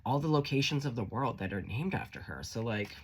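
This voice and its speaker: A man with a husky, lively voice gives a casual tarot reading. He talks in a chatty, encouraging way and swears freely as he lays out each card. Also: medium pitch, brisk. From Canada. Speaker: tarot reader.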